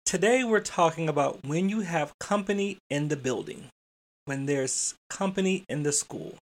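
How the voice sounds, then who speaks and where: A man's voice: fairly high pitch, moderate pace. A man hosting a podcast, telling a work story in a casual, chatty way and talking straight to his listeners. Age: adult father. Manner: chatty, addresses listeners as y'all, mild swearing. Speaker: podcast host.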